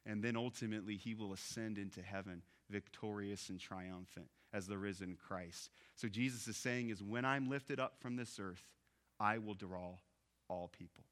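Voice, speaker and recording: Expressive male pastor preaching. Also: fairly low pitch, moderate pace. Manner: expressive, drops soft on key phrases and rises when animated. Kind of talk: sermon.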